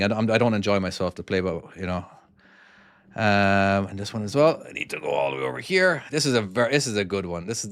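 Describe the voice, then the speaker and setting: A man's voice: on the low side, a bit bright, dry recording, clean studio sound. A man, casually chatting on a live stream while playing his own trucking game and reading out viewer comments. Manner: chatty, easily distracted, reads comments aloud.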